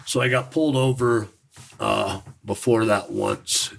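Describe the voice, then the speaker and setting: A man from Utah, a podcast guest, telling his stories in a frank, rambling, casual way with a gravelly, raspy voice. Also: fairly low pitch, a little slow, a bit bright. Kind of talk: casual storytelling.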